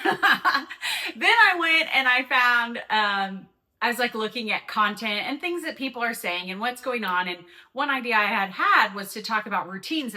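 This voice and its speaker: A woman hosting a comedy podcast, chatty and sarcastic, oversharing with animated energy. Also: medium pitch. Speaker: podcast host.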